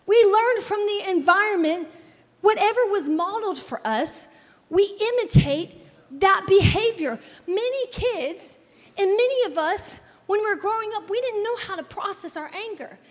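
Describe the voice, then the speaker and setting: A woman in her thirties preaches to her congregation with a very high voice. She talks in an animated, conversational way and keeps throwing in playful asides. Her voice rings out with the long reverb of a church hall. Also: normal speed. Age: 30s. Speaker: pastor. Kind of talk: sermon. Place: church sanctuary.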